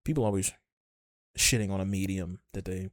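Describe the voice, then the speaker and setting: A man with a deep, steady voice co-hosts a podcast, talking fairly quickly with no echo. His casual chat rambles along, thick with fillers and swearing.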